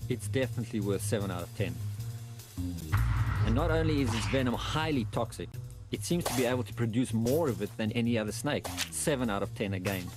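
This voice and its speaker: A man with a mid-pitched voice reading documentary narration, measured and matter-of-fact. Loud music plays underneath. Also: expressive. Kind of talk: scripted voice-over narration.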